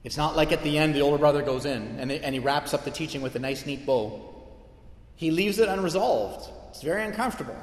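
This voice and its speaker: Male pastor, mid-high voice, fervent emphatic sermon delivery, church hall reverb. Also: a little fast. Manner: earnest, impassioned preaching with emphatic swells. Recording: echoey hall with long reverb.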